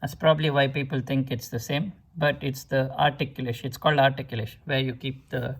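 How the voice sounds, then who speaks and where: A man slowly explaining writing scripts and their sounds, pausing often with fillers and sounding out syllables to show pronunciation. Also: mid-range voice, level tone, creaky. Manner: slow, hesitant explaining with many fillers and restarts. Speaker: script teacher. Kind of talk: explanatory lesson.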